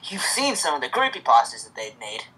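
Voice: mid-range voice, big pitch swings, a little fast, sharp tone, slightly rough, poor audio. A person reading a fan story aloud outdoors in the cold, often stammering and correcting themselves, with chatty asides. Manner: stammering, rambling, self-correcting.

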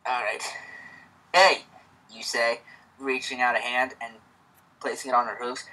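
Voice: medium pitch, flat delivery, normal speed, pushed and bright, poor audio. A person reading a fan story aloud outdoors in the cold, often stammering and correcting themselves, with chatty asides. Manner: stammering, rambling, self-correcting.

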